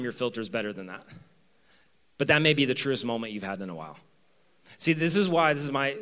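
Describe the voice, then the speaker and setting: A man preaching a sermon to his church, animated, acting out voices in the story and moving between loud emphasis and quiet asides. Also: medium pitch. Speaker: pastor. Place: church with two campuses.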